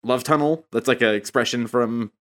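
A man's voice: medium pitch, normal speed, fairly bright tone. A man in a casual podcast chat, explaining jokes at length to his co-hosts. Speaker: podcast co-host.

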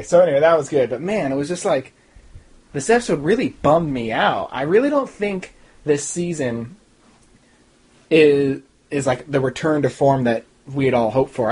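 A young man gives a casual, opinionated rant about a TV episode. His voice is husky and a bit breathy. He sits at a middling pitch, sounds sarcastic, and keeps breaking into mocking asides. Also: darkish tone. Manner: snarky, ranting, mocking impressions. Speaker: TV recap podcaster.

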